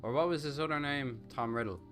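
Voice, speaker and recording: A man's voice: mid-range voice, quick pace, a bit bright, soft background music. A man with an Irish accent giving casual, crude, joking commentary while streaming a game. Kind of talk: live gameplay commentary.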